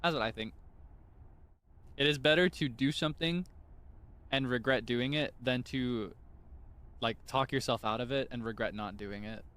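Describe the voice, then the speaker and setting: A man's voice: medium pitch, normal speed, pauses often, a bit bright. A young man streaming, chatting casually in a rambling, self-correcting way with frequent chuckles.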